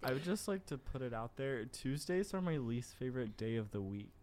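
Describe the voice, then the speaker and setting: A man's voice: medium pitch, animated, brisk, darkish tone. A young college man speaking in a laid-back, reflective way during a casual podcast chat. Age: young adult.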